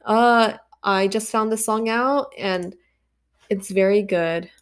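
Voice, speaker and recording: A woman's voice: mid-range voice, slow, smooth. A woman hosting a solo podcast, chatting casually in a rambling, self-deprecating way. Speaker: podcast host.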